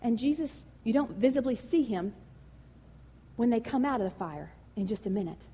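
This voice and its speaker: A woman pastor preaching a sermon in a lively, conversational and emotional way. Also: on the high side, normal speed, husky, in a large hall.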